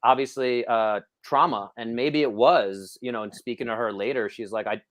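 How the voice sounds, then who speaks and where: A man's voice: mid-range voice, normal speed, a bit bright, no echo. A man hosting an interview podcast, telling personal stories in a casual, rambling way with many fillers. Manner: storytelling, self-deprecating, many fillers. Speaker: podcast host.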